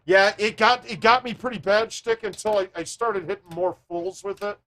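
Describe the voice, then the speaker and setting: A man hosting a live stream, chatting casually with viewers and thinking out loud as he plays a golf game. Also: high-pitched, moderate pace.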